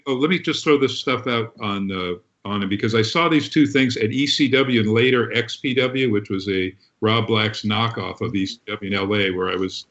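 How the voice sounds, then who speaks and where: Brief: male guest photographer, lowish voice, quick recollections, muffled line. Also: fairly bright tone. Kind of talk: casual podcast chat.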